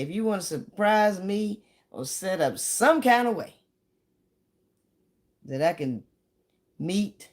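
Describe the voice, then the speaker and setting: Chatty rambling woman comedian. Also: on the low side. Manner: chatty and rambling, with sudden shouts and sung bits. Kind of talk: casual stand-up storytelling.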